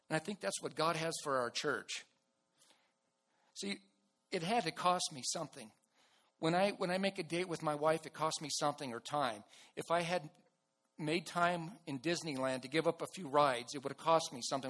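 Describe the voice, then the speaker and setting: A man preaching a sermon to his church in an earnest way, with restarts and bursts of loud emphasis. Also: on the high side, moderate pace. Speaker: pastor.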